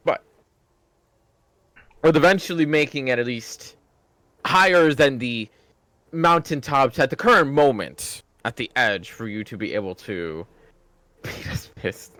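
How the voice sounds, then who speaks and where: A man's voice: mid-range voice, expressive, a little slow, pauses often, bright, forceful tone, dry recording. A man narrating as dungeon master in a casual tabletop game, swearing freely and laughing often between lines.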